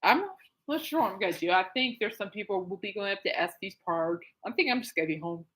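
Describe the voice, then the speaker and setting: A woman's voice: medium pitch, expressive, fast, a bit bright, breathy edge, rough recording. A woman hosting her own podcast, rambling casually through a story with frequent laughs and restarts. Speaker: podcast host. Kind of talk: casual solo podcast chat. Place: at home.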